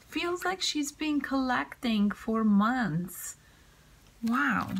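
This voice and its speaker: A woman vlogger opening craft mail at home, talking in a soft, hushed half-whisper and gushing over each item. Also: fairly high pitch, animated, very slow, creaky, pauses often, breathy edge, rough recording. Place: home, indoors. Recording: loud crinkling of paper packaging.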